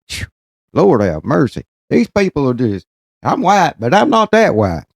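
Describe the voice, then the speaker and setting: A man hosting his channel, reacting to a spooky story in a folksy, expressive way with exclamations. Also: a little high, unhurried, creaky, no echo. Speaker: host reacting to a video. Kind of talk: casual reaction commentary.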